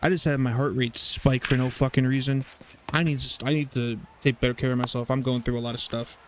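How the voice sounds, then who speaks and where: A young man casually commentating his baseball video game, rambling, swearing and getting excited over plays. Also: medium pitch, brisk, a little hiss or hum. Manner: chatty, rambling, profane, excitable. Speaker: gaming YouTuber. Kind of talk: casual let's-play commentary.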